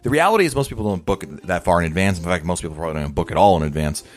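A man's voice: sits low, expressive, rapid-fire, soft background music. A man hosting a podcast, reading listener emails and answering them in an upbeat, chatty way. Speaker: podcast host.

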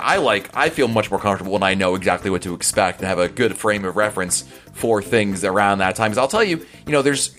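Male podcast host, quick and rambling, casual chat, faint guitar underneath. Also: lowish voice, fairly bright tone. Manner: chatty, rambling, answers listener emails.

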